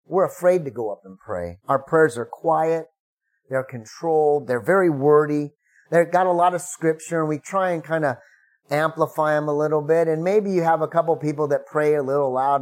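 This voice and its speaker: A man's voice: a little high, fairly even intonation, normal speed. A middle-aged man, a pastor, preaching a sermon in a conversational way, acting out the prayers he quotes with rising emphasis.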